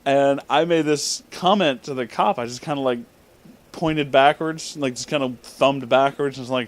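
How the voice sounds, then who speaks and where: A man's voice: medium pitch, moderate pace. Young man telling a profane story. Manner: profane, laughs often. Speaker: vlogger. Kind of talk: casual storytelling.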